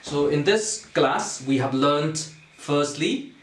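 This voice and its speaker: A man with an animated, somewhat high voice teaches a class on poetic meter, moving step by step in a slow, repetitive way and frequently asking "okay?" to confirm students are keeping up. The mic is distant and the room echoes.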